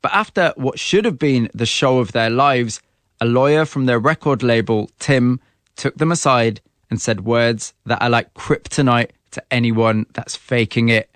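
A male host who narrates the story in scripted passages and questions his guest in a probing way. His voice is a steady middle pitch. It is recorded close and dry. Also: a little slow, no room sound. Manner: probing, sums up and challenges the guest.

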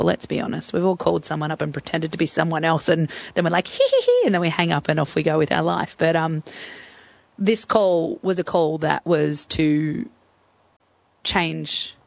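A woman's voice: deep voice, creaky, no room sound. A young Australian woman telling her story candidly in an interview, hesitant and full of fillers. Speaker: guest.

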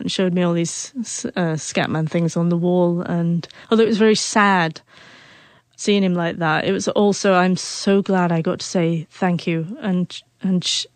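A woman's voice: fairly low pitch, no echo. Woman in her 40s, stuttery, catching on first sounds, dry close sound. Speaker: author and guest. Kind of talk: emotional interview storytelling.

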